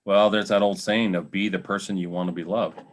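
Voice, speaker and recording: A man hosting an interview show, talking in an easygoing, relaxed way that often trails off. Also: low-pitched, brisk. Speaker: show host. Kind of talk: casual interview chat.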